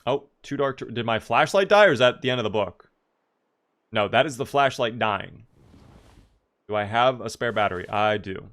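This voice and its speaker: A man's voice: mid-range voice, expressive, normal speed, pauses often, a bit bright. A man from the US East Coast streaming a game live, casually chatting and answering viewers' questions. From Maryland, US East Coast. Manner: chatty, answers chat questions while playing.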